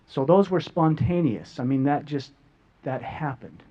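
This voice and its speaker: Earnest and a little slow, a fairly high-pitched middle-aged man talks as a guest about a personal story, repeating words often. The recording sounds dull and lo-fi.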